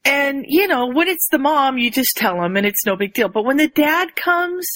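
A woman's voice: sits high, lively intonation, moderate pace, fairly bright tone, dry recording. A woman who works with small children, chatting casually and telling amused anecdotes. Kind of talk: casual chat.

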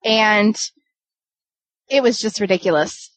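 A woman's voice: medium pitch, slow, no room sound, poor audio. A woman, a wedding photographer, telling a story in casual podcast chat, rambling with many fillers and restarts.

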